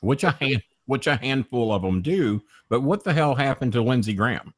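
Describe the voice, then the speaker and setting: A male talk show host chiming in with jokes and quick agreement. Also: medium pitch, expressive, no echo, clean studio sound. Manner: joking, chiming in. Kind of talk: casual chat.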